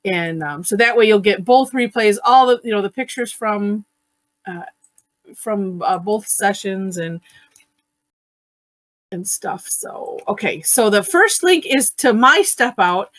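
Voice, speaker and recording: A woman runs a casual live-stream drawing class by video call, her medium-pitched, slightly bright voice expressive and slow as she giggles and chats with many fillers and restarts. There's no echo.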